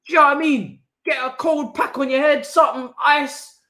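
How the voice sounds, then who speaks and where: A man's voice: extremely high pitch, fairly even intonation, fairly quick, pushed and bright. A man hosting a live football watch-along, ranting in exasperated slang. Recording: roomy echo.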